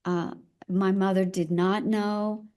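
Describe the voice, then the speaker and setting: An older woman, an elder midwife, telling her own story in a conversation, reflective and halting as she searches for her words. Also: mid-range voice, flat delivery, dark tone.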